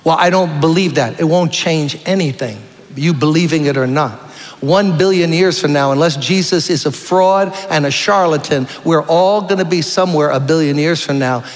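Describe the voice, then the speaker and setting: Guy preaching hard, pleading with the crowd, a bit high voiced, long echo. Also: moderate pace. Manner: fervent, appealing, storytelling preacher. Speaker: guest preacher. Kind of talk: sermon. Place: church sanctuary.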